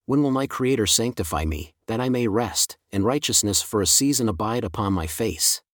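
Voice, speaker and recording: A man's voice: on the low side, expressive, normal speed, dry recording, studio quality. A man voicing the Earth as a weary mother who laments the wickedness of her children in a solemn reading. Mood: mournful.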